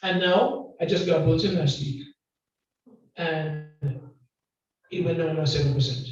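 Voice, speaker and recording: A man with a Grenadian accent preaching a lively sermon and joking back and forth with the congregation. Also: a little high, normal speed. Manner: loud, call-and-response, joking with the congregation. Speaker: guest preacher. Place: church hall. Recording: distant, echoey and muffled hall recording.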